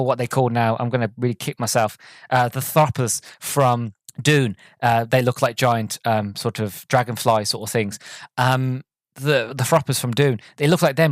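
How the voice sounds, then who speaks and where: Excitable rambling man, dry close sound. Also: medium pitch, no room sound. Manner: excitable, rambling, stumbles and restarts often. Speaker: podcast host. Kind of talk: casual movie review monologue.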